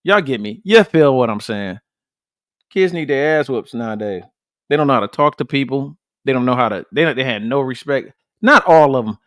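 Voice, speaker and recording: A man hosting a podcast, chatting casually with his viewers in a blunt, profane, animated way and repeating his points for emphasis. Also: medium pitch, moderate pace, no echo, clean studio sound. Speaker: podcast host. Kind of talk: casual livestream chat with viewers.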